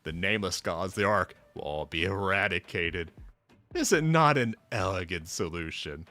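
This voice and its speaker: A scheming villainess from a game story speaks in a low, stately, measured voice, as a man acts her out. She sounds cold and formal, with the words weighed carefully. The voice is close and dry, with faint music behind it. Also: animated, pushed and bright, dry recording, full character voice. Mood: cold, grand.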